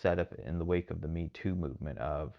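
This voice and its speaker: A man's voice: low voice, fairly quick, gravelly, lo-fi sound. A man from Texas hosting a podcast, giving rambling casual commentary with lots of fillers and hedges. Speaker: podcast host.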